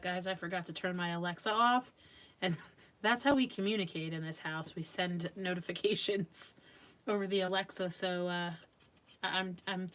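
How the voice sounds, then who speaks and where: A woman's voice: lowish voice, bright, forceful tone. A middle-aged woman from Long Island hosting a live craft stream. She chats casually, laughs often, and talks while she works. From Long Island, New York.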